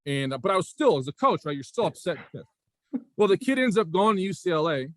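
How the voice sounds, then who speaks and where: Chatty coach, slightly high voice. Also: male voice, big pitch swings, a little fast, no room sound. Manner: rambling, repeats "again" and "right?", frequent restarts. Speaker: high school basketball coach and athletic director. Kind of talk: casual interview storytelling.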